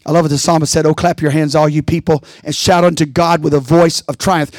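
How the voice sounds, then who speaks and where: A man's voice: a little high, flat delivery, a little fast, dry recording, clean studio sound. A pastor preaching a rousing sermon, calling out to his congregation.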